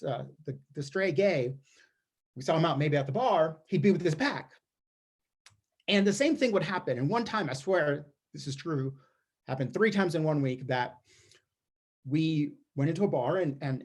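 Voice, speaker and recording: Wry husky-voiced man telling stories. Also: fairly high pitch. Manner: wry, observational, frequent restarts. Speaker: storyteller performer. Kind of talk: comic storytelling monologue. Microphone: streamed performance mic.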